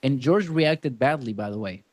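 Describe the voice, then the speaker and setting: A male sales coach giving feedback in a role-play session, blunt and emphatic, with animated shifts in his delivery. His voice sits at a medium pitch, close-miked and dry. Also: moderate pace, no echo.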